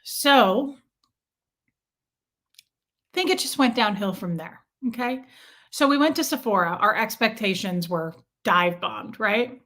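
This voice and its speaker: A woman's voice: mid-range voice, lively intonation, slow pace, pauses often, fairly bright tone. A woman hosting a casual livestream, chatting with viewers and venting in a talkative, repetitive way. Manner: chatty, venting, repeats herself. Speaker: livestream host reading chat.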